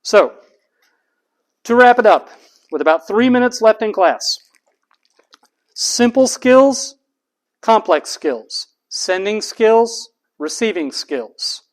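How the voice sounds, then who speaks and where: Lecturer, classroom voice pitched up to carry, slow and emphatic. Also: expressive. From United States. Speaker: university lecturer.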